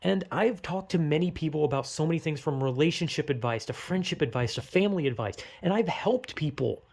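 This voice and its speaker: A man's voice: fairly high pitch, animated, fairly quick, vocal fry, darkish tone. A young man in a rambling, emotional personal monologue, swearing often and running himself down, with bursts of urgent pep talk. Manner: rambling, swears a lot, self-critical.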